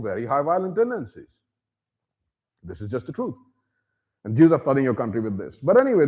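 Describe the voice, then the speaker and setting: A man hosting his own channel, giving an opinion monologue in an animated way, slipping into mocking voices. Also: mid-range voice, lo-fi sound. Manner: animated, slips into mocking voices, calls himself by name. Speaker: channel host.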